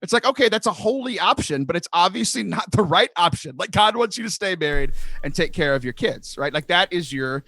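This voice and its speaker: Hoarse, lively man hosting a podcast. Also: high-pitched, a little fast, few pauses, dry recording. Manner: earnest, animated, heavy use of "like". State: losing his voice. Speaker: podcast host. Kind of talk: casual podcast chat.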